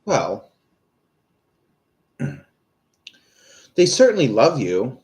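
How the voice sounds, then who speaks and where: A man's voice: medium pitch, huge pitch swings, extremely slow, darkish tone. A man in his thirties giving live-stream tarot readings, rambling and hesitant with many fillers. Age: 30s. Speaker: tarot reader.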